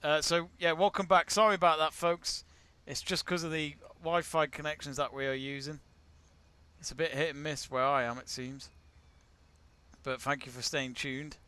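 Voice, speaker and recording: A chatty British man co-hosting a live sports watch-along, reading out viewer comments and laughing easily. His voice is bright and smooth, with a slightly raised pitch. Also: steady tone, moderate pace. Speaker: live stream co-host. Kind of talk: casual watch-along chat.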